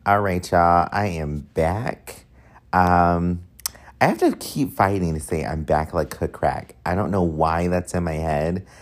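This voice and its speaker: A man's voice: low voice, measured pace. A young man hosting a casual solo podcast, chatty and rambling, with frequent asides and filler words. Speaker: podcast host.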